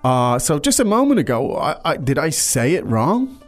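A man's voice: a little high, big pitch swings, moderate pace. Chatty man teaching a language lesson. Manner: chatty, explains with restarts and fillers. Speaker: language podcast host.

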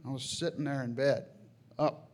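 A man gives a personal religious testimony about a dream. His tone is mostly steady, but he speaks earnestly and haltingly, restarting often, and his voice climbs high and loud at emotional peaks.

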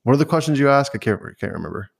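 A man chatting casually and asking relaxed, easygoing questions. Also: medium pitch, very fast, gravelly, husky. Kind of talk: casual chat.

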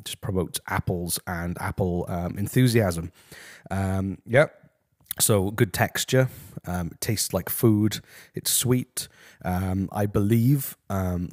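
Deep, deadpan rambling man. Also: dry recording, clean studio sound. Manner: deadpan, rambling, many ums. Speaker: host. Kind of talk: deadpan comedic review. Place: his house, walking to the kitchen.

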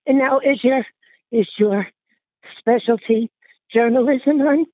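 Older woman, a fond, chatty aunt who is short of breath, higher voice, heard over a dry phone line. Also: slow pace, long pauses, dry recording. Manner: chatty, affectionate, keeps calling the listener honey. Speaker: interviewee, aunt. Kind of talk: casual phone chat.

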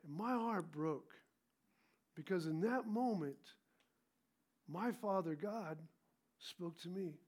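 High-voiced male pastor preaching. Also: slow, long pauses, darkish tone. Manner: storytelling, calls for congregation responses. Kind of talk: sermon.

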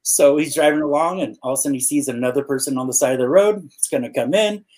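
A man with a somewhat high voice tells a long joke in a relaxed podcast chat. He slips into the characters' voices as he goes and jumps his pitch up for the punchlines. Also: fast. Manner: animated, acts out characters in his jokes. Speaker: podcast co-host telling a joke. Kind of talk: casual storytelling.

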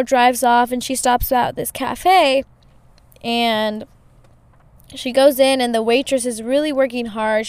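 A woman hosting a podcast tells a story in a casual, chatty manner, peppered with lots of "you know" fillers. Her voice is a little high and smooth, recorded with no echo.

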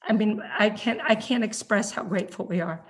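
A woman's voice: mid-range voice, brisk, breathy edge. A middle-aged woman, a parent advocate, speaking earnestly and emotionally in an interview. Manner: heartfelt, emotional, grateful. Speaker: parent advocate, nonprofit leader.

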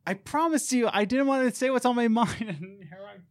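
A man's voice: brisk, no room sound, clean studio sound. A young adult man co-hosting a podcast, rambling and emphatic in casual talk. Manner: rambling, emphatic, jumps in pitch. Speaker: podcast co-host. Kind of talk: casual conversation.

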